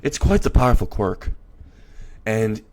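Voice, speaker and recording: Young man telling a story, halting delivery. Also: lowish voice, sing-song, a little mellow. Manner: loose, halting delivery with restarts and "and" pauses. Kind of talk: casual improvised story narration.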